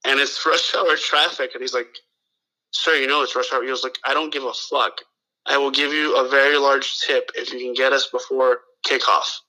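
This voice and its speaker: A man's voice: mid-range voice, fairly even intonation, moderate pace, bright, forceful tone, rough recording. A man from the Los Angeles area telling a long story in casual chat, profane and full of restarts and quoted dialogue.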